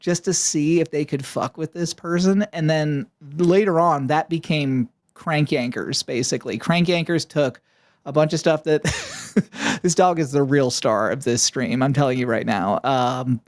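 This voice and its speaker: A man's voice: fairly high pitch, a little slow. Profane rambling male podcast host. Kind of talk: casual interview chat.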